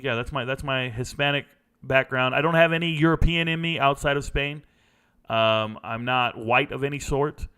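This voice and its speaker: A man's voice: mid-range voice, a bit bright, clear, resonant tone. A man hosting a casual sports livestream, running through scores and answering viewer questions in a loose, blunt, slangy way. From United States. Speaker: sports show host.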